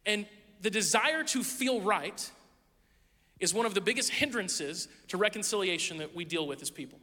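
A man's voice: high-pitched, lively intonation, normal speed, sharp tone. A middle-aged man, a pastor, giving a conversational sermon with candid, self-deprecating stories, recorded in a church sanctuary. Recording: long reverb of a large hall.

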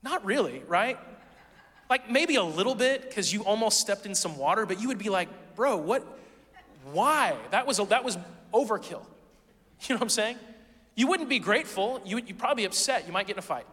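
A man's voice: high-pitched, animated, a little fast, pushed and bright, big-room sound. A man preaching a sermon as pastor, in a casual, conversational way full of rhetorical questions.

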